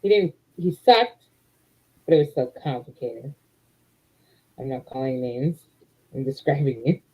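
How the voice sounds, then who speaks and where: A woman's voice: extremely low pitch, expressive, a little slow, breathy edge. A tipsy woman hosting a casual livestream, laughing often and teasing her company. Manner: giggly, teasing. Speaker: livestream host. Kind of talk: casual chat. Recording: dull lo-fi stream audio.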